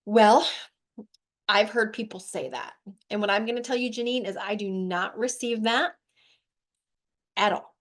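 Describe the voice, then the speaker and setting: A middle-aged woman hosting a weight-loss show, giving an animated, chatty motivational talk to her group. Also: medium pitch, unhurried, long pauses. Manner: animated, chatty, with lots of "like" and "right?".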